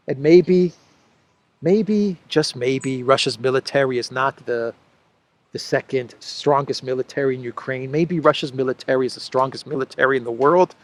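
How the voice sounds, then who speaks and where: A man hosting a solo political commentary show, talking sarcastically and repeating phrases for effect. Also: mid-range voice.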